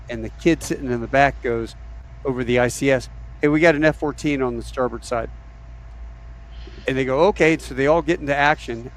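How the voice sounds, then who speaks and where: A man hosting a podcast, telling an aviation story in a casual, animated way and acting out the quotes. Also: mid-range voice. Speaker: podcast host.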